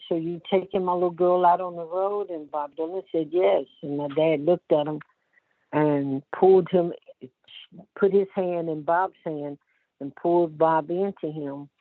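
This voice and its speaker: A woman slowly telling a heartfelt story, her voice softening to a hush at its key moments. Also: low-pitched, no echo. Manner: slow, tender, hushed at key moments. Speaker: former backing singer. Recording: tinny, dry sound.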